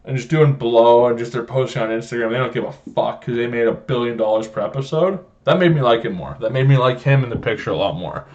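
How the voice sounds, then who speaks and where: Young canadian guy swearing thru rambling podcast stories, mid pitch, kinda muffled lo-fi sound. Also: fast, few pauses, darkish tone. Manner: profane, rambling storytelling. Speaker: podcast host. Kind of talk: casual chat. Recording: slightly dull lo-fi sound.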